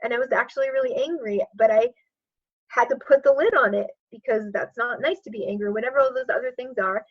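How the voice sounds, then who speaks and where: Woman coach, kinda high voice, chatty w lots of "like"s, muffled lo-fi audio. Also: slightly rough. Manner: reflective, speaks in quick bursts with many fillers like "like". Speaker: coach and podcast guest. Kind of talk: conversational interview.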